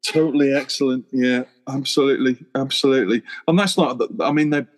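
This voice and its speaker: A man's voice: mid-range voice, fairly even intonation, fairly quick. A man co-hosting a podcast, chatting casually and laughing his way through a funny story. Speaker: podcast co-host. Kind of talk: casual chat.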